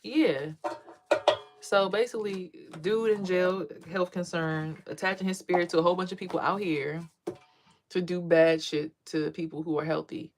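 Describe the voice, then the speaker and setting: Animated, cussing woman telling a story. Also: moderate pace, a little hiss or hum. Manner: animated, profane, acts out quotes in a high voice. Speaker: vlogger and tarot reader. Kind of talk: casual storytelling vlog.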